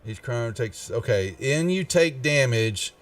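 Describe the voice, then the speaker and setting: A man narrating as game master in a live-streamed tabletop game, halting and restarting as he checks the rules. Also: mid-range voice, expressive, distant mic. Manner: halting, with many restarts and fillers.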